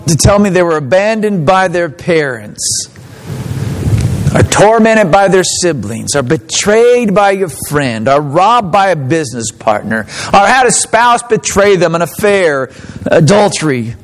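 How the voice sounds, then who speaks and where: A man preaching a sermon, reading scripture aloud and telling a story, with strong emphatic rises and low drops. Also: very animated, unhurried, slight background noise, poor audio. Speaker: pastor.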